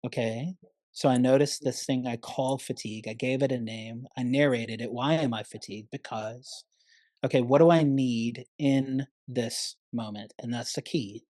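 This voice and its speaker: A man's voice: medium pitch, fairly even intonation, a little slow, warm tone, no room sound. Earnest male therapist, dry sound. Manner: earnest, emphatic, often says "man". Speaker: therapist guest. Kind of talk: conversational podcast interview.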